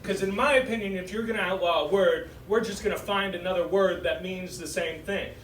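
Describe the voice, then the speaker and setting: A young man with a Massachusetts accent works a club crowd, his voice pitched fairly high and pushing out brash, animated punchlines. He is caught from a distance in a roomy, echoing room, with a clear wash of crowd sound underneath. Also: brisk. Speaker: stand-up comedian. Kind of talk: stand-up set. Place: comedy club stage. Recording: roomy club sound from far off with audience noise. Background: audience laughter.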